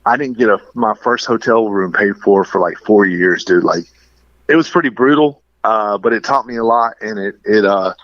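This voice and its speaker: Chatty low-voiced man, lo-fi dry sound. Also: normal speed, no room sound. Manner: chatty, says "dude" and "like" a lot, laughs between lines. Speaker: interview guest, Christian musician. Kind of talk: casual storytelling.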